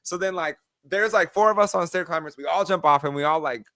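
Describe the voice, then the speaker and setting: Animated male podcast host, higher voice. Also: fairly quick, no echo, clean studio sound. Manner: animated storyteller, many filler likes. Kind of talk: casual podcast chat.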